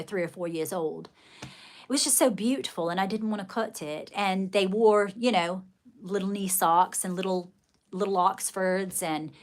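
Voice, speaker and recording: A middle-aged woman hosting a live stream, telling rambling stories in casual chat and calling her viewers darling. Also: mid-range voice. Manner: chatty, rambling storytelling, calls viewers darling. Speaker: livestream host.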